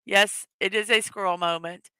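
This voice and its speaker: Bright, chatty woman hosting a livestream. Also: mid-range voice, steady tone, normal speed, smooth, no room sound. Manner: chatty, rambling with restarts and frequent laughs. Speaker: livestream host. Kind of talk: casual livestream chat.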